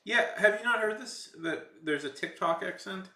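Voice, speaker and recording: A man's voice: high-pitched, moderate pace, bright, forceful tone, roomy sound. A man from Texas chatting casually on a livestream, rambling and joking, feeling a little sick. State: slightly sick. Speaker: streamer.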